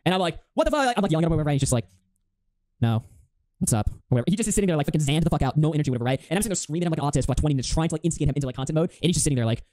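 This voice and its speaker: Rapid lively man on a dry mic. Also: a little high, dry recording. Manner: loud, sweary, laughing often. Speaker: stream host. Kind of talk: casual livestream chat.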